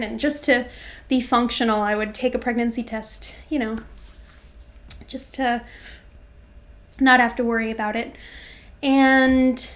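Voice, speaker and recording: A woman in her twenties telling her personal story in an interview, reflective and halting, with many fillers and restarts. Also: on the high side. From Florida, USA. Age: 20s.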